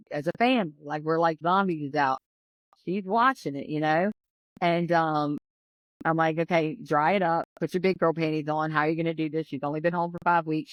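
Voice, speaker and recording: A woman's voice: low-pitched, no room sound, lo-fi sound. A woman, telling a painful personal story as a podcast guest and acting out what others said. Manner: emotional, tells her story with quoted voices.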